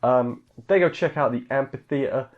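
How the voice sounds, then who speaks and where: A man's voice: medium pitch, normal speed, muffled recording. Rambling man recapping an anime. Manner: rambling, offhand, filler-heavy, mimics characters in quotes. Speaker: anime reviewer. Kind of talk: casual episode recap.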